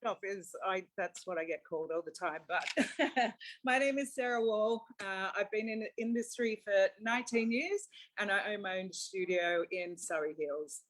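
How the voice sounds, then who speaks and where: A hairdresser who owns her own studio, giggly and a little bashful as she talks. Her voice is mid-pitched. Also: normal speed, a bit bright.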